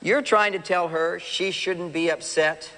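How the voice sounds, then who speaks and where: A man giving a lively live seminar talk, speaking straight to the audience and acting out what partners say. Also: high voice, measured pace. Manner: animated, acts out quoted partners and addresses the audience directly. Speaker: relationship speaker. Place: large hall with a live audience. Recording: long hall reverb.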